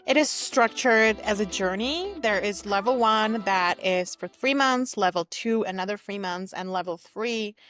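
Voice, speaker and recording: Bright, emphatic woman podcast host. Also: mid-range voice, measured pace, few pauses, soft background music. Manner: emphatic, motivational, with frequent "like". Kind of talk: solo podcast monologue.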